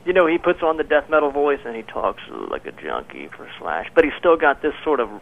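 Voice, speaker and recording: A man's voice: on the high side, huge pitch swings, a little fast, gravelly. A man calling in to a radio show, dry, critical and profane. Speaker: caller. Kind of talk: casual radio call-in. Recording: tinny phone line.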